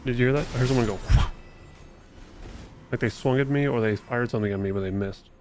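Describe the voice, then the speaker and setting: A man's voice: medium pitch, racing, over music. Casual profane male game streamer. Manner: rambling, profane, chatting with viewers. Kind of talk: casual live-stream chat while gaming.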